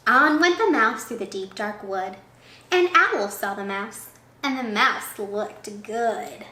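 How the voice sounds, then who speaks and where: A woman teacher reading a storybook aloud with a bright, crisp tone and a pitch that swings widely. She takes her time, talking slowly and warmly, and asks her young listeners questions along the way. The room around her is echoey. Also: animated. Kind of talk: reading a picture book aloud to children.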